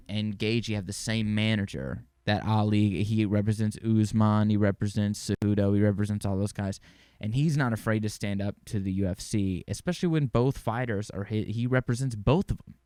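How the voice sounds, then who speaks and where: A man in his twenties hosting a podcast, rambling casually about fights, excitable and swearing now and then. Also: on the low side, smooth, dry recording. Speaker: podcast host. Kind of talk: casual sports chat.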